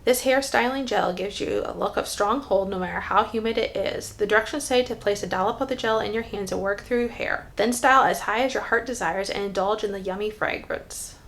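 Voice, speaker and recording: A woman's voice: mid-range voice, a little fast, few pauses, fairly bright tone. A woman chatting casually as she tries a hair gel on camera, thinking aloud with lots of fillers while she styles her hair. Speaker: hair care vlogger. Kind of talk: casual tutorial chat.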